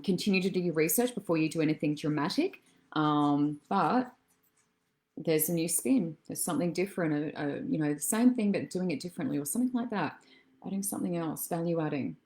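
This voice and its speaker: A low-voiced woman plays a psychic medium giving a live-stream reading. She chats with her viewers, calling them darling and love, and drifts from thought to thought with gentle fillers.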